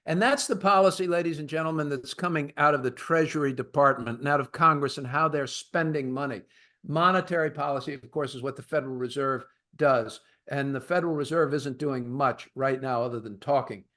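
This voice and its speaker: A man's voice: fairly high pitch, fairly bright tone. A man hosting a markets podcast, explaining economics in a plain-spoken way and speaking directly to his listeners. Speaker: podcast host. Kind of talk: conversational market commentary.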